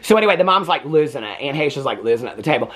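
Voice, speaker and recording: A man's voice: medium pitch, animated, racing, fairly bright tone. A man giving a casual, rambling movie recap, full of "like" and acted-out quotes. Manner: rambling, chatty, heavy filler "like", acts out quotes. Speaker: movie reviewer.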